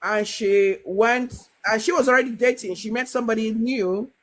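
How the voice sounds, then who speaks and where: A woman's voice: on the high side, normal speed, a bit bright, poor audio. A woman hosts a casual livestream and tells her viewers a story she heard. She rambles, restarts her sentences and fills the gaps with small fillers. Now and then she acts out what the people in the story said. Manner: acts out quoted dialogue. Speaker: livestream host.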